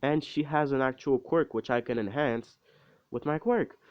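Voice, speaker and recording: A blustering male hero mentor blurts out curses, as a man quotes him in his own voice. His lines land at a raised pitch on a dull, lo-fi recording. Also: moderate pace, slight background noise, lightly acted. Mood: shocked. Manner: exclaiming and swearing.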